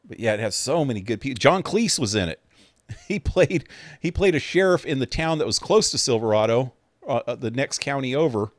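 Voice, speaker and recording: A man's voice: mid-range voice, expressive, fairly quick, no echo. A man with a mid-range voice rambling casually as a game streamer, laid-back and loose with the occasional swear word. The sound is close and dry. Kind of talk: casual chat.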